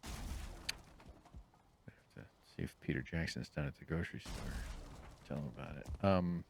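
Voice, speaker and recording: A man's voice: a bass voice, moderate pace, vocal fry, a little hiss or hum. A middle-aged man rambling relaxedly while playing a game, muttering to himself, humming and dropping jokey asides, sometimes into a whisper. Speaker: gaming channel host. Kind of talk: relaxed rambling gameplay commentary.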